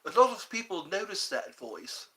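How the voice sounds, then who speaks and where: A man's voice: high-pitched, very animated, moderate pace, pushed and bright. A man hosting a livestream, chatting casually and rambling with frequent chuckles. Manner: chuckling, drifting between impressions. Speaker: livestream host.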